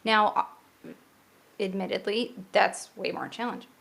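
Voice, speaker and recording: A woman's voice: medium pitch, fairly even intonation, normal speed, creaky, a bit bright. A middle-aged woman co-hosting a podcast, explaining her views earnestly and at length, often restarting her sentences. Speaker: podcast co-host. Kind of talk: casual podcast conversation.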